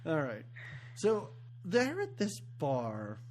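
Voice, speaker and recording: A podcast co-host in casual movie talk, retelling scenes with bursts of laughter. The pitch sits in the middle and swings widely, and a faint hum is heard behind the voice. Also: huge pitch swings, takes it slowly. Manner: storytelling, acts out film quotes and laughs mid-sentence.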